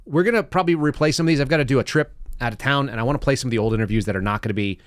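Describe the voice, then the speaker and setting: Racing along in a mid-range voice, this podcast host leads a live commentary show from his home studio set. He keeps it loose and chatty, frequently laughing and starting his sentences over. The audio is studio quality with no echo.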